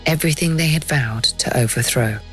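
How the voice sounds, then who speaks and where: A woman giving scripted documentary narration in a measured, dramatic storytelling manner. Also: low-pitched, a bit bright, soft background music.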